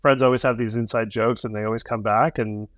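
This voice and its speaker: A man's voice: fairly low pitch, steady tone, fairly quick, fairly bright tone, no room sound. A man co-hosting a film review podcast, talking casually with lots of fillers and restarts. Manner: rambling with many fillers. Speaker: podcast co-host.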